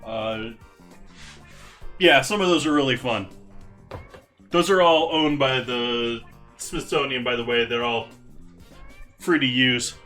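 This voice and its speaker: A man's voice: mid-range voice, slow pace, long pauses, bright, forceful tone, soft background music. A man hosting a live cooking stream, chatting loosely with viewers while he works. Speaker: cooking livestream host. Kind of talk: casual live cooking chat.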